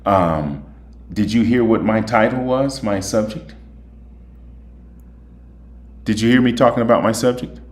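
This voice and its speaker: Deep-voiced man hosting a casual show. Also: moderate pace. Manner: chatty, folksy, repeats "okay?". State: voice a little tired. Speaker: host. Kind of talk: casual monologue and phone chat.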